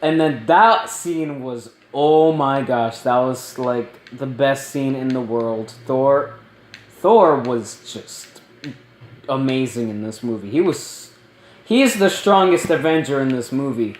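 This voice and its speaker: Slow, rambling male reviewer in an echoey room. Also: mid-range voice. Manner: rambling and excitable, many ums and likes. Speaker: movie reviewer. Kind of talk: casual spoiler movie review. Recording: roomy echo.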